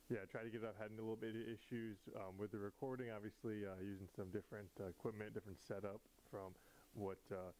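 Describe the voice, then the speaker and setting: A man in his twenties chats casually from his apartment, rambling and hesitant, with a lot of ums and uhs. His voice sits fairly low. There is light hiss from a home DIY setup. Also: a little mellow, poor audio. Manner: rambling, hesitant, many fillers. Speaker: podcast host. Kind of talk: casual home podcast chat. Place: indoors in a small apartment.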